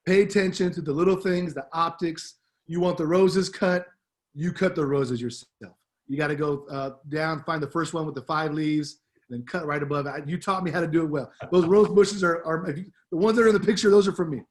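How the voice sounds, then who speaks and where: A man's voice: fairly high pitch, fairly quick. A middle-aged man, a departing assistant principal, giving an upbeat, heartfelt farewell speech on the school announcements, slangy and full of fillers.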